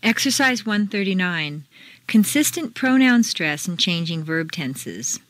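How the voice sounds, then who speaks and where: Woman, American accent, pronunciation lesson narration, deliberate enunciation, dry close sound. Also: on the low side, very animated, no room sound, poor audio. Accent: General American. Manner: deliberate, carefully enunciated model reading. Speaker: accent teacher.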